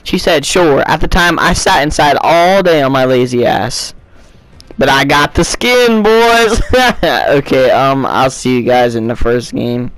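A young man giving casual, jokey commentary while playing a video game, breaking into excited yelps. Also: mid-range voice, unhurried, no room sound, low-quality recording. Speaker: gaming video creator.

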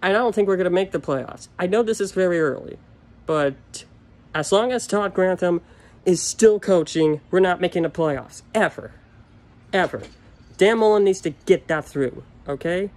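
A man's voice: high voice, normal speed, a little mellow. A young man ranting angrily to his camera, frustrated and upset, repeating himself and swearing. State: upset and furious. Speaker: sports fan ranting on video. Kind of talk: angry solo rant.

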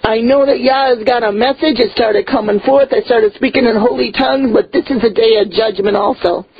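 A woman's voice: on the high side, brisk, breathy edge, dry recording, highs cut off. Tearful woman preaching fiery rebukes. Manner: impassioned, tearful rebukes, repeating words for emphasis. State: voice breaking with tears. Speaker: prophet and ministry leader.

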